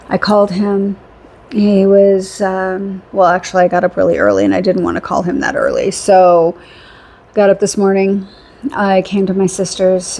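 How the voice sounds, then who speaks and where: Chatty husky-voiced middle-aged woman. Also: medium pitch, dark tone. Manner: chatty and rambling, laughs often, repeats "I mean to tell you". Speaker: vlogger. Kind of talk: casual storytelling.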